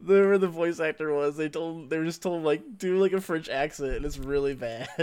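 A man's voice: on the high side, normal speed, a little mellow, clear, resonant tone. Chatty man recapping on a podcast. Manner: chatty, laughs often, fills in with "like" and "uh". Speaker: podcast host recapping an anime episode.

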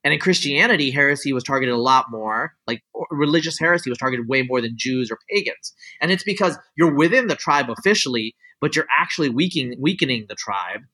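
A man's voice: medium pitch, expressive, fast talker, few pauses, pushed and bright. A man talking as a guest scientist in a casual interview, rambling and opinionated, full of fillers. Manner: rambling, heavy on "like" and "you know" fillers; opinionated, explaining his views at length.

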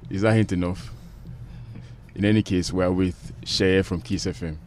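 A man co-hosting a casual podcast, teasing and playful, pausing with fillers as he searches for words. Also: low-pitched, fairly even intonation. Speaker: podcast co-host. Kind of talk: casual banter.

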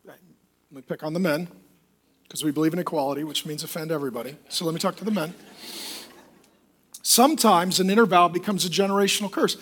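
A man with a high-pitched voice delivers a sermon as pastor. He preaches with emphasis and slips into quoted voices to make his points. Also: brisk, long pauses, a bit bright, breathy edge.

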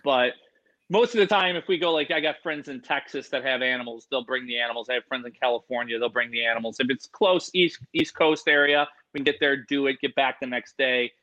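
A man telling a rambling, animated story in a casual interview, acting out the voices of people in it. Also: mid-range voice, a little fast, highs cut off. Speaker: animal entertainer guest.

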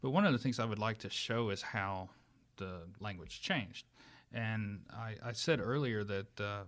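A man's voice: lowish voice, unhurried, a bit bright. A man explaining the history of English in an eager lecturing way, often restarting his sentences. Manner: enthusiastic lecturing with many restarts. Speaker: guest expert on English language history. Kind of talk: explanatory academic talk.

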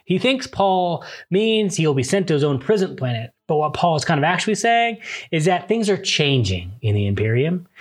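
Lively breathy man retelling a book. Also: fairly high pitch. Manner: lively, joking asides. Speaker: podcast host. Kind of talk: casual book retelling with commentary.

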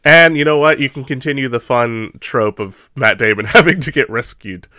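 A man co-hosting a podcast, chatting casually about a film in an animated way with frequent laughs. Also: medium pitch, dry recording, clean studio sound. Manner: animated, laughs often, quick asides. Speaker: podcast co-host. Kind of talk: casual movie review chat.

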